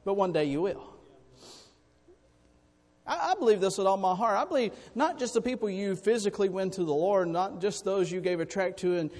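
A man preaching a sermon, folksy and animated, telling personal stories. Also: high voice. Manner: folksy, animated storytelling with sudden loud bursts. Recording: long hall reverb.

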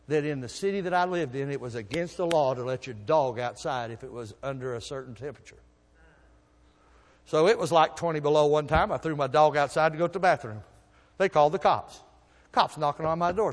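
Folksy preacher in a hall. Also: male voice, sits high. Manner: folksy storytelling, swings from soft asides to loud emphasis. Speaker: pastor. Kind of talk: sermon.

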